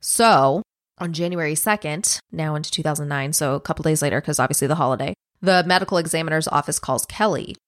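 A lower-pitched young woman telling a true crime story to her co-host in a relaxed, profane, chatty way. She slips into quick acted quotes of the people involved. The recording is dry and close. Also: dry recording. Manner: casual, swears a lot, acts out quotes. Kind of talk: casual storytelling chat.

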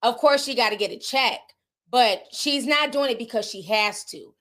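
A woman with a Southern US accent talks casually to her livestream audience. Her voice sits a little high, and she speaks in a frank, chatty way while reacting to chat comments. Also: moderate pace, fairly bright tone. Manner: chatty, candid, laughs often, reacts to viewer comments. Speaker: livestream host reading chat. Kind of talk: casual celebrity gossip chat.

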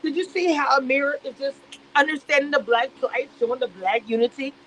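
A woman giving sassy, animated reality-show commentary on a live stream. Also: sits high, fairly quick, slight background noise, low-quality recording.

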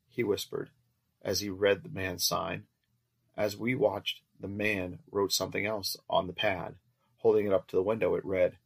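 A man narrating a first-person story in a very low, gravelly voice. His reading is steady and measured, with a husky, rough edge to the tone.

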